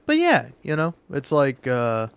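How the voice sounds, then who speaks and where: A man's voice: medium pitch, huge pitch swings, unhurried, smooth, no room sound. A young man rambling sarcastically while playing a game, with frequent swearing. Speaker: gaming channel host. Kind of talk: casual gameplay commentary.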